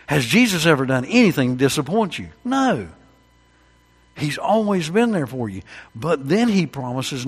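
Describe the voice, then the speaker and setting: A husky-voiced man preaches to his congregation at an evening church service. His words ring through a long, echoing hall, jumping to loud emphatic calls and then sinking to near-hushed confessions. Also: mid-range voice. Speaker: pastor. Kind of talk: sermon.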